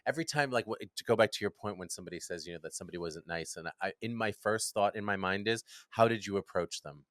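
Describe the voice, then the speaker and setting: Man, podcast chat, lowish smooth voice, dry close sound, lively storyteller. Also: fast, dry recording. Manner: animated storyteller, acts out quotes. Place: studio.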